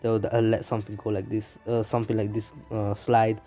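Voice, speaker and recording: Young London male host, low voice, loose chatty recap style. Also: completely flat delivery, brisk, warm tone, faint music behind. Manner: rambling, heavy on fillers and restarts. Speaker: YouTube anime channel host. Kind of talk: casual story recap. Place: home in a city, traffic sirens outside.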